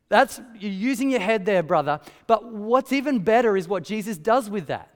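A man preaching a sermon in a church, telling the story conversationally with lively asides. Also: high voice, normal speed, hardly any pauses, long reverb tail. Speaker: pastor. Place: church hall.

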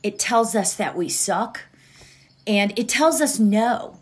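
A woman hosts a motivational podcast, speaking slowly and chatting straight to her listeners. Her pitch swings widely. There is faint environmental noise behind her. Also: expressive. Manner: chatty, laughs often, addresses listeners directly. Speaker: podcast host. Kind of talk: casual motivational podcast talk.

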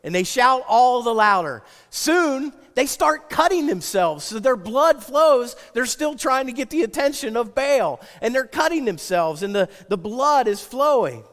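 High-voiced preacher with dramatic swings. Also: male voice, unhurried, few pauses, long reverb tail. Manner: dramatic swings from loud excitement to hushed intensity. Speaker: pastor. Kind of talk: sermon.

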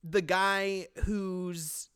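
Man co-host, casual chat, lively rambling delivery, clean resonant tone, pitched a bit high. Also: extremely slow, clean tone. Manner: animated, swearing, rambling with restarts. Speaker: podcast co-host. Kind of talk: casual chat recapping a movie.

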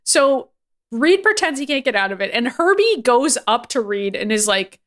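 A woman co-hosting a podcast, recapping a cartoon in lively, profane casual chat. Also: fairly high pitch, normal speed. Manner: animated, profane storytelling. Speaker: podcast co-host.

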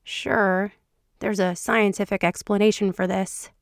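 A woman voicing Mulder, teasing and even-toned. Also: a little slow, dry recording, clean studio sound, close to an everyday voice. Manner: low, even and conversational, teasing. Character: teasing wry man, an FBI agent.

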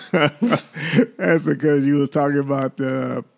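Gravelly-voiced man co-hosting a podcast. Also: a little high, slow pace. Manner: playful, laughs often, teasing. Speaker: podcast co-host. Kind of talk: casual chat.

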